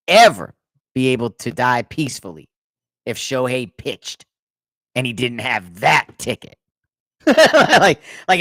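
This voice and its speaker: A man's voice: medium pitch, a bit bright, no echo, clean studio sound. A man hosting a podcast, telling a long rambling story in casual chat and laughing at his own jokes. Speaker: podcast host.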